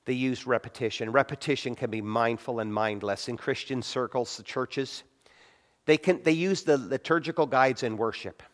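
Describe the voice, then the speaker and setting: A middle-aged male pastor gives a conversational sermon on prayer at a moderate pace, his voice sitting at medium pitch. As he tells stories, he acts out short quotes.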